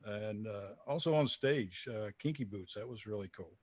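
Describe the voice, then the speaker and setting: A man's voice: lowish voice, normal speed, darkish tone, no room sound. A man hosting a podcast and talking about his novels in an easygoing way. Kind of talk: casual podcast chat.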